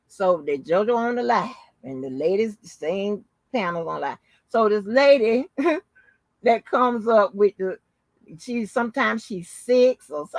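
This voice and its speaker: A woman hosting her own channel, telling a story in a casual, animated, profane and mocking way. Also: on the high side, dry recording. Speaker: channel host. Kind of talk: casual live-stream commentary.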